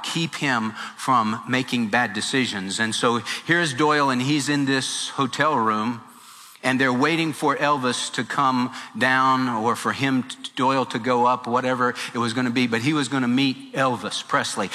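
A man preaching a sermon as pastor, telling a story with animated voices in the quotes. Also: mid-range voice. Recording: long reverb with faint music.

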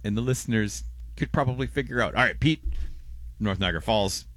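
Low-voiced man rambling on morning radio. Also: a little fast, a bit bright, dry recording. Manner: rambling, stammers and restarts, laughs often. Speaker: radio show co-host reading listener messages. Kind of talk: casual radio banter.

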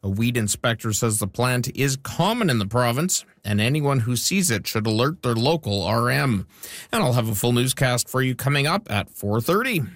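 A man reading radio news in a steady, scripted delivery. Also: medium pitch, moderate pace, dry recording, studio quality. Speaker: newsreader. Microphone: studio microphone.

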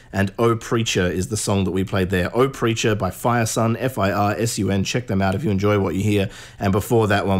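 A young man hosting a music radio show, talking in a loose, rambling way and swearing now and then. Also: fairly low pitch. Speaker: radio host. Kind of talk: casual radio chat.

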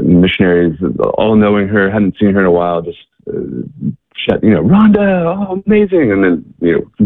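A man talking as an interview guest, telling stories in a halting way, with many fillers and repeated words. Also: low voice, no room sound. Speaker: guest, charity worker. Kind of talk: casual interview storytelling. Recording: tinny, dry phone-like line.

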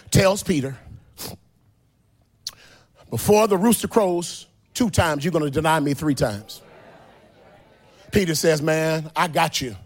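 With a slightly high voice, a man gives a sermon and retells the story with drama, veering from soft asides to shouted, sung passages.

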